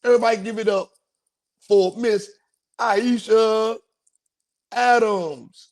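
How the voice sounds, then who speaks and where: A man's voice: high voice, slow. A man hosting a podcast, telling a story in a casual, slangy way and acting out quotes. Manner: animated, slangy, acts out quotes in a raised voice. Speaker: podcast host.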